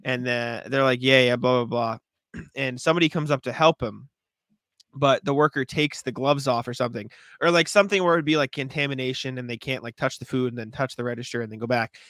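Bright-voiced young man telling profane stories. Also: mid-range voice, fairly quick, no room sound, clean studio sound. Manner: profane, animated storytelling. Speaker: podcast co-host. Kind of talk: casual chat.

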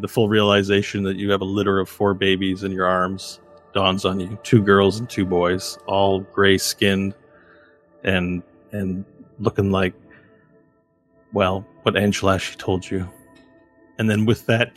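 A man's voice: deep voice, fairly bright tone. A man running a tabletop game as game master, describing scenes in a meandering way with many fillers.

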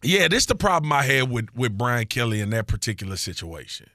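Animated slangy male podcast co-host. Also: mid-range voice, a little fast, dry recording, studio quality. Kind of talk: casual sports talk.

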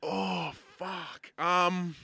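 A man's voice: sits high, fairly even intonation, creaky, bright, forceful tone, slightly rough, no room sound, clean studio sound. A young man with a slight lisp, co-hosting a podcast in casual, sweary banter and getting easily exasperated. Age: young adult. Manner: swears a lot, quick to get exasperated. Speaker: podcast co-host. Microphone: close studio mic.

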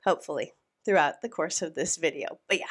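A woman's voice: low voice, quick pace. A young woman hosting a reaction video, sounding out of breath from a sinus illness, rambling and teasing in casual chat. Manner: rambling, playful and mocking. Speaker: YouTube reaction host. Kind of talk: casual chatty commentary.

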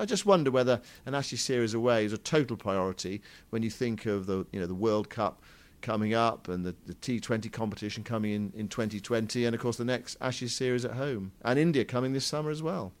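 A man from England with a Bristolian accent, a cricket commentator talking things over in a thoughtful, hesitant way with many restarts. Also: fairly low pitch. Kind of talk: casual analytical chat.

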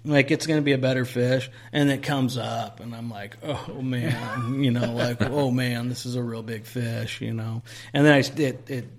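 A man's voice: medium pitch, fairly even intonation, normal speed, hardly any pauses. A man in casual chat, telling a long fishing story in a rambling way with lots of fillers and swearing.

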